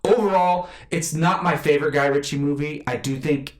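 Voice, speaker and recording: A man chatting casually as a podcast co-host, reviewing a film in a rambling, animated way with lots of fillers. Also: a little high, moderate pace, roomy sound.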